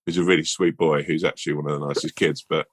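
A man's voice: rumbling low, little pitch movement, fast talker, no room sound. A man co-hosting a podcast, telling a rambling mock-earnest story in a playful, casual way. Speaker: podcast co-host.

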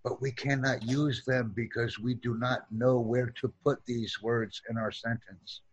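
A man teaching an online English lesson, speaking in slow, deliberate drills and repeating sentences for practice. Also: medium pitch, steady tone, lo-fi sound.

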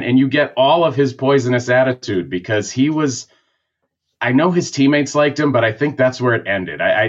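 Man, Boston accent, opinionated rambling rant, dull lo-fi sound. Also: mid-range voice. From Massachusetts. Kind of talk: casual sports talk.

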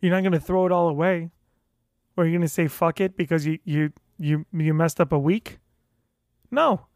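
Guy with a high voice swearing his way through a solo podcast rant, keeps tripping over his words, dry close sound. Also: normal speed, darkish tone, no echo. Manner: profane, fired-up self-motivating rant; repeats and restarts words when worked up. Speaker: podcast host.

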